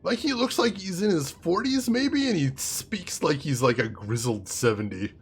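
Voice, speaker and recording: A man giving chatty, animated commentary while playing a video game, laughing often. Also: on the high side, moderate pace, hardly any pauses, slightly rough. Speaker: gaming streamer. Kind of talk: casual let's-play commentary.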